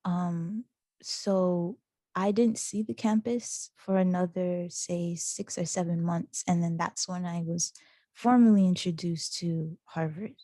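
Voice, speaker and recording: Animated young woman telling a story. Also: lowish voice, slow, no room sound, studio quality. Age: young adult. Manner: animated, acts out quoted voices with laughter. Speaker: student interviewee. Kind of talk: casual storytelling.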